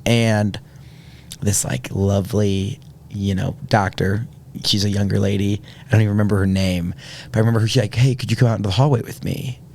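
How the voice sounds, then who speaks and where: A young man speaks in a somewhat low voice. He tells his story earnestly, with lots of fillers and restarts. It sounds like a relaxed podcast conversation. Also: fairly quick, gravelly. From Indiana, USA. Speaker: podcast guest. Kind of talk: casual storytelling.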